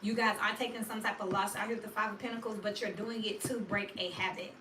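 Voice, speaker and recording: A woman giving a casual, slangy tarot reading for her viewers, chatty and animated. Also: mid-range voice, quick pace, reverberant, recorded from a distance, a little hiss or hum, low-quality recording. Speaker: tarot reader.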